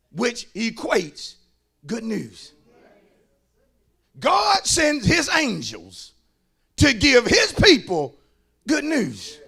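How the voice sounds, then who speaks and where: High, shouting preacher man. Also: huge pitch swings, takes it slowly, creaky, long pauses, breathy edge. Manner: shouting, rhythmic preaching with sing-song calls to the congregation. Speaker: pastor. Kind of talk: sermon. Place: church.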